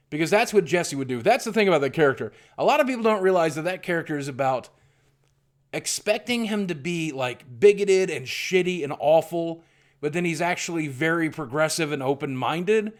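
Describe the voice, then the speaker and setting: A man's voice: on the high side, animated, fairly quick. A middle-aged man from southwestern Virginia, talking in a candid, rambling, self-deprecating vlog monologue with frequent restarts. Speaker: YouTuber.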